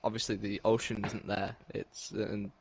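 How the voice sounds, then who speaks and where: Gravelly low-voiced English man. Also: little pitch movement, moderate pace, background noise. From England. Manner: laid-back, rambling, chuckles often. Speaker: podcaster. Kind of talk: casual chat.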